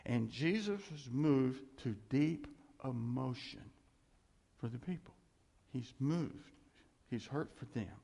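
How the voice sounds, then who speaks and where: Gravelly slow-preaching male pastor. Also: medium pitch, lively intonation, big-room sound. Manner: earnest, repetitive preaching with sudden soft drops. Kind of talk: sermon.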